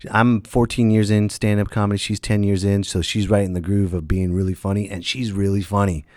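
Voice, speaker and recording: A man with a fairly low voice hosts his own comedy podcast, spinning road stories in a loose, chatty monologue. He keeps breaking into loud, animated impressions of the people in them. The sound is close and dry, with no room around it. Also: dry recording. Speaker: podcast host and stand-up comedian. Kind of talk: casual storytelling monologue.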